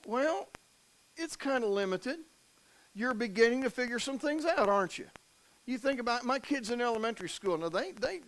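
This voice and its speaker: A preacher with a fairly high voice gives a sermon in a church. He keeps it conversational, asking the congregation questions as he goes. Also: a bit bright, low-quality recording.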